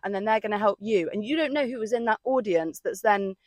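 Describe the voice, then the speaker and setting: Woman, podcast host, mid-pitched, relaxed and rambling, dry close sound. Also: a little fast, dry recording. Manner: rambling, easygoing, many "like" fillers. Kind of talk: casual chat. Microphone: podcast mic.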